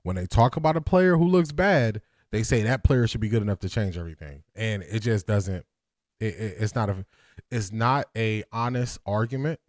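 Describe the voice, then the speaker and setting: A man hosting a casual live sports stream, greeting chat by name and repeating his points, his voice still rough from the morning. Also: fairly low pitch, moderate pace, no room sound, studio quality. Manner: relaxed, talks straight to chat, repeats lines for emphasis.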